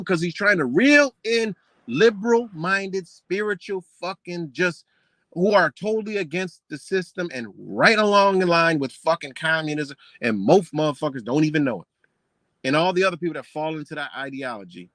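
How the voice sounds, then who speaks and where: A man's voice: fairly high pitch, expressive, normal speed, fairly bright tone, no room sound. A man ranting in a scornful, profane commentary, mocking what he reads and firing off rhetorical questions. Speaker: commentator reacting to a book.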